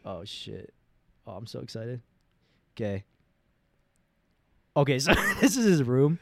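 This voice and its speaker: A man's voice: medium pitch, very animated, takes it slowly, creaky, no echo. A young man co-hosting a casual podcast chat, laughing often and acting out quotes in exaggerated voices. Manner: laughs a lot, acts out quotes in exaggerated voices, swears freely. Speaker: podcast co-host.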